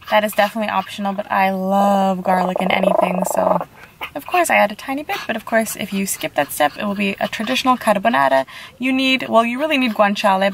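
A woman's voice: medium pitch, vocal fry. A woman hosting a casual cooking vlog at home, chatty and enthusiastic about the food, filmed on a handheld camera. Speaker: vlogger host. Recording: noisy home camera audio.

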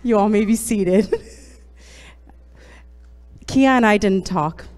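A woman giving an emotional, laughing tribute to her pastor before a church congregation, halting now and then with fillers. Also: mid-range voice, a little mellow. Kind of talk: heartfelt testimony to a congregation. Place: church sanctuary.

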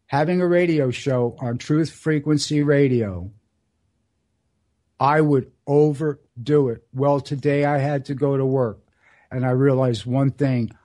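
A man in his sixties hosting a solo radio show, telling stories in a rambling, earnest way and slowing down for emphasis. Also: mid-range voice, a little mellow. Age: 60s. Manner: rambling, earnest storytelling with dramatic slow emphasis. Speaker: radio host.

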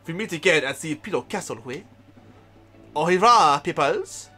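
A man's voice: on the high side, animated, moderate pace, sharp tone, soft background music. A man voicing a fussy male island guide with a put-on French accent and theatrical broken English.

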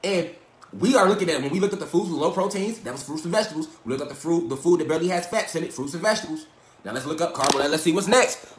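A man lectures on a livestream in a high voice and at a rapid clip. He is profane and preachy, talks in street slang and repeats himself. The roomy echo suggests a bare room at home. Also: expressive. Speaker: livestream host.

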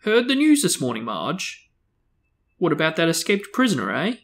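A man reading aloud and voicing a blustering, overbearing middle-aged uncle, pitched up and eager. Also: wildly swooping pitch, normal speed, gravelly, exaggerated voice. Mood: jovial, hearty.

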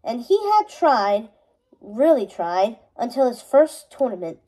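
A woman reading a novel aloud in a steady storytelling manner, now and then correcting a slip. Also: on the high side, unhurried, rough recording. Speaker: reader.

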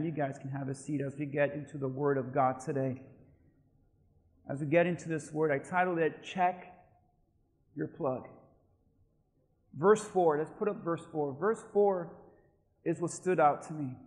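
High-voiced pastor preaching in a reverberant church. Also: male voice, moderate pace, long pauses, darkish tone. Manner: reads scripture aloud, then leads prayer and calls the congregation to respond. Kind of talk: sermon.

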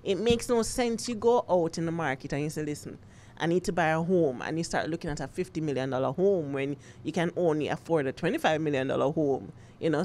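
A woman's voice: sits low, a little mellow. A woman hosting a radio interview, talking conversationally with frequent "you know" fillers. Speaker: radio show host.

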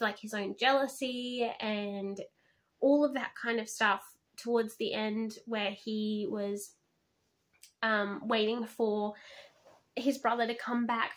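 Gushing woman with a high voice. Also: fairly bright tone. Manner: gushing and heartfelt, frequent "like" fillers. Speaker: book reviewer. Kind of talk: casual book review vlog.

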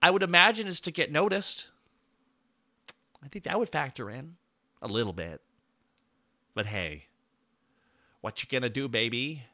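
A man's voice: medium pitch, expressive, a little slow, pauses often, bright, forceful tone. A man streaming, chatting casually and laid-back with his viewers, swearing freely.

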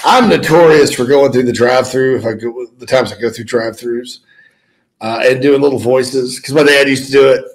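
A man co-hosting a casual sports podcast, an animated storyteller who stammers and restarts, speaking into a laptop mic from an office. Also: medium pitch, normal speed, low-quality recording. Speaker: co-host.

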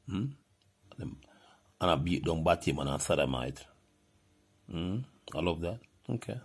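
A deep-voiced older man with a Jamaican accent, his voice husky and full of fry. He rants and swears in a heated, animated way, jumping from one topic to the next. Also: unhurried, long pauses. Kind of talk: heated profane rant.

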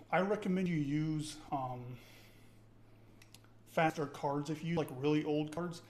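A man with a slightly high voice hosts a casual live-streamed tutorial. He is chatty and upbeat, thinks out loud as he goes, and keeps asking his viewers if everything is working. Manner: chatty, keeps checking in with chat; enthusiastic, thinks aloud.

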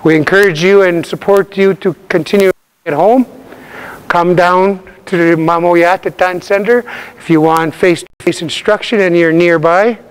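A man teaching a language lesson to a live class, calling out words loudly for repetition and laughing often. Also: high-pitched, fairly even intonation, normal speed, clean tone. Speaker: Cree language instructor. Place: multi-purpose room with a live class. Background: class of learners laughing and repeating.

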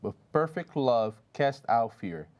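A man in a Bible study reading two verses aloud, deliberately. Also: medium pitch, big pitch swings, dull audio.

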